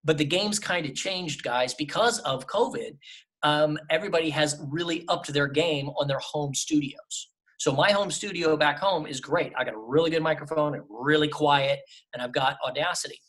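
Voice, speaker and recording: A man's voice: a little high, moderate pace. Emphatic middle-aged man on a travel mic. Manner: emphatic, lively advice-giving. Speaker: voice actor guest. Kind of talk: casual interview talk. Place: temporary remote setup away from home. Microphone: travel microphone.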